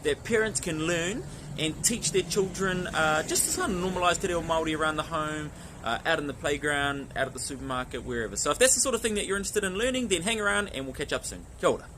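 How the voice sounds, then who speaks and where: Kiwi guy teaching words, quick chatty delivery, somewhat high voice, noisy background. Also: animated. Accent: New Zealand. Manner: friendly, chatty, says words slowly to be repeated. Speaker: language teacher. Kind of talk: casual spoken lesson.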